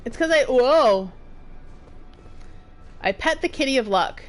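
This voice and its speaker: A woman's voice: high-pitched, lively intonation, slow, soft background music. A woman streaming a game, chatting casually and rambling, with jumpy nervous exclamations. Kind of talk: casual gameplay commentary.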